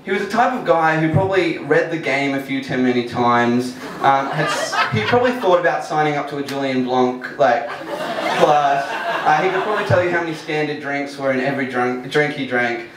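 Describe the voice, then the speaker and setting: A man's voice: fairly high pitch, lively intonation, moderate pace, background noise. A man telling a funny personal story live on stage, casual and self-mocking, laughing through his lines. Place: live storytelling venue with audience. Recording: echoey hall, mic far off.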